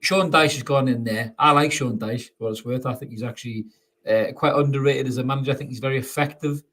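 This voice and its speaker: A man's voice: mid-range voice, fast talker, fairly bright tone. A man co-hosting a football fan show, reading out viewer comments in a casual, jokey way and laughing often. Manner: jokey, laughs often, calls his co-host mate.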